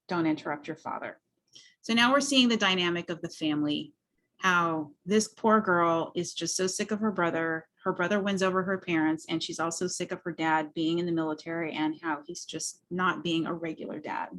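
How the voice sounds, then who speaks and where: A woman's voice: on the low side, moderate pace, fairly bright tone. Rambling woman teaching a class. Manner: rambling, many ums, acts out scenes. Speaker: graphic novel instructor. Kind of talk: casual class walkthrough.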